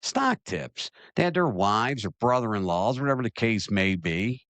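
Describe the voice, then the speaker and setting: A man's voice: lowish voice, lively intonation, normal speed, a bit bright, dry recording. A man hosting his own podcast, ranting emphatically and answering listener questions, often repeating himself to drive a point home. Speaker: podcast host. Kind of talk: opinion rant and listener Q&A.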